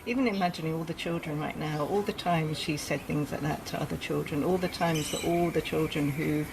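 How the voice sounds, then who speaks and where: A woman hosting a parenting podcast, speaking reflectively and with gentle enthusiasm in conversation with a guest. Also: deep voice, fairly even intonation, a little fast, gravelly, noisy background. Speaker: podcast host. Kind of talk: conversational interview.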